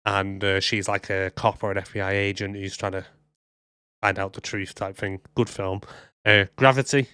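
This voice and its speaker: A man's voice: lowish voice, little pitch movement, moderate pace, sharp tone, smooth, no room sound, studio quality. A man co-hosting a movie podcast, chatting casually and rambling with lots of fillers. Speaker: podcast co-host. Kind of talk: casual chat.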